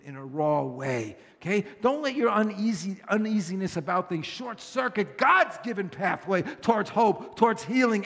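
Male pastor with a high voice, earnest conversational preaching, long hall reverb; fits a church sermon read. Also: fairly bright tone.

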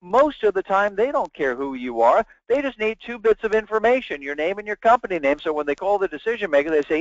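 A man's voice: high voice, sing-song, fast talker, few pauses, no echo. A man giving a webinar lecture as a sales trainer, talking emphatically and acting out sample phone calls. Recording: dull, dry lo-fi webinar audio.

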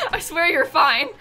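A woman's voice: high-pitched, pushed and bright. A young woman chatting on a live stream while gaming, giggly and apologetic, thanking viewers as she plays.

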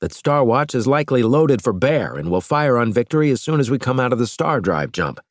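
A man's voice: medium pitch, sing-song, a little fast, no echo, studio quality, pitched above the performer's own voice. A man voicing a resolute starship captain in an audiobook, urgent and insistent.

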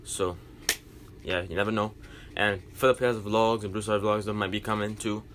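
A man's voice: on the low side, flat delivery, moderate pace, a bit bright, slight background noise. A young man reacting to a video and rambling casually to his viewers as a vlogger. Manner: loose, rambling, apologetic asides. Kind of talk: casual vlog talk.

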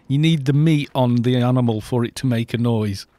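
A man's voice: medium pitch, moderate pace, warm tone, no echo. A man talks loosely over his gameplay, wandering from story to story. He cracks himself up often and keeps an easy, unscripted chat going into a desk microphone. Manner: rambling and jokey, laughs often. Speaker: gaming streamer. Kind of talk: casual live-stream chat while playing.

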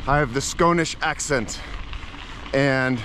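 A man's voice: mid-range voice, slow, pushed and bright, a little hiss or hum. Upbeat man vlogging outdoors. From United States. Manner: chatty, upbeat, laughs often. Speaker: bikepacking vlogger. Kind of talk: casual travel vlog to camera. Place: outdoors on country roads.

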